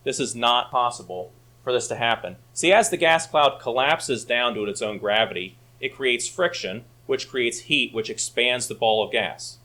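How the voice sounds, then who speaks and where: A man's voice: medium pitch, moderate pace, bright, forceful tone. A man teaching a church Sunday school class, arguing his points emphatically and reading passages aloud. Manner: emphatic, rising to argue points.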